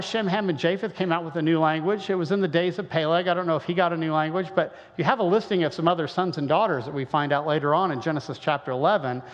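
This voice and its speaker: A man from Western Illinois gives a folksy, conversational lecture, asking his listeners one rhetorical question after another. His voice sits a little high for a man. The recording is dull and muffled, with a long reverb from a big hall. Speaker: creationist speaker. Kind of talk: lecture-style talk.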